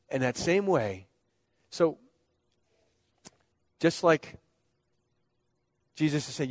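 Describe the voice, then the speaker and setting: A middle-aged male pastor preaching a sermon, animated, acting out the voices of people in the story. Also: on the high side, slow pace, pauses often, no echo.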